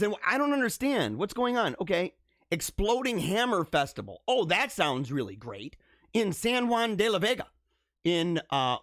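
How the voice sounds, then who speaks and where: A man's voice: sits high, moderate pace, no room sound, clean studio sound. A man hosting a live show, riffing casually with a lot of laughter, stammering restarts and mock disbelief. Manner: animated, incredulous, laughs often, stammers. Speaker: show host. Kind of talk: casual live-stream commentary.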